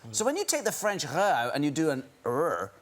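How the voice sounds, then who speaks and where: Male actor guest, high voice, very animated, laughing storyteller, studio audience noise. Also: quick pace. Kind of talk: chat show anecdote.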